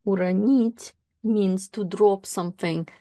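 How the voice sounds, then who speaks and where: Woman, language teacher, gravelly fry, careful explaining. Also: medium pitch, steady tone, mellow. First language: Russian. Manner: slow, careful explanations with self-corrections. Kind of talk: explaining a book read-aloud.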